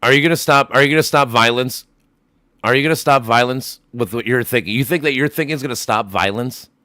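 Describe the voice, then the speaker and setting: A man's voice: medium pitch, fast talker, sharp tone, no echo, studio quality. A man streaming a casual voice chat, arguing heatedly, swearing often and repeating himself as he presses his point.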